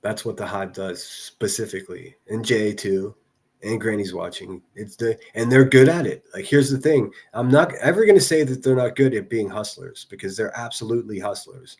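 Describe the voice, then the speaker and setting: A man's voice: fairly low pitch, moderate pace, darkish tone, breathy edge. A man from a northern US city hosting a casual livestream, rambling through commentary and reading chat messages aloud with frequent restarts. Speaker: livestream host.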